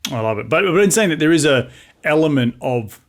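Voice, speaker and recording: A man's voice: fairly high pitch, animated, a little fast. A man with an Australian accent hosting an interview podcast, asking upbeat questions with frequent restarts. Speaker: podcast host.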